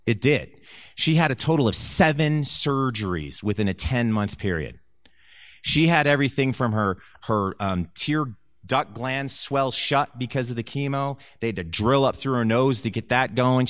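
Man, mid-pitched, testimony speaker, acts out the dialogue, close dry sound. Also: no echo. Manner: animated storyteller who acts out quoted speech. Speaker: church speaker sharing a testimony. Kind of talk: personal testimony storytelling to an audience.

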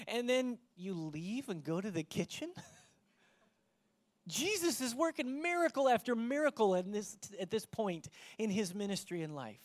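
A pastor preaching a sermon to a live church congregation, moving between loud emphasis and hushed tones and putting direct questions to the listeners. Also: medium pitch, big pitch swings, a little slow.

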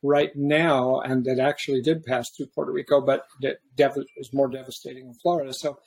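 A man hosting a podcast, talking casually and reflectively, with frequent pauses and restarts. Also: mid-range voice, level tone, vocal fry, a little mellow, slightly rough. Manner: halting, restarts often, reflective. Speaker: podcast host.

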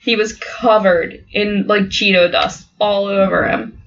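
A woman's voice: mid-range voice, steady tone, unhurried, highs cut off, slight background noise. A woman co-hosting a podcast in casual banter, blunt and profane, laughing often. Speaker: podcast co-host.

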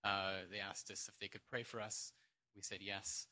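Bright-voiced man giving halting testimony. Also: lowish voice, flat delivery. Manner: halting, emotional storytelling with many fillers. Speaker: congregation member sharing testimony. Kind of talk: personal testimony at church gathering.

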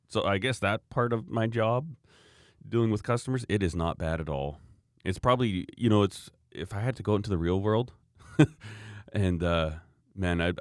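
Man, low voice, rambling casual storyteller, acts out quoted customers, dry close mic. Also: no room sound. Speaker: podcast co-host, knife maker. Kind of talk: casual chat.

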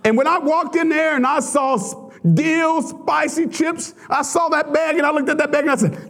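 A man preaching a sermon as pastor, telling stories with laughter and sudden high excited outbursts. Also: normal speed.

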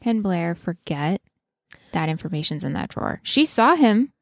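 A woman's voice: on the low side, sing-song, no room sound, clean studio sound. A woman co-hosting a podcast, chatting casually about a TV episode and chiming in often. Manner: chatty, quick to chime in and agree. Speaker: podcast co-host. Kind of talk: casual TV recap chat.

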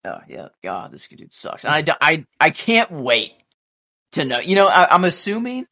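A man co-hosting a casual podcast, rambling and halting as he gives his thoughts. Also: on the high side, huge pitch swings, pushed and bright. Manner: rambling, halting, full of fillers and restarts. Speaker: podcast co-host reacting to a TV episode. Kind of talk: casual chat.

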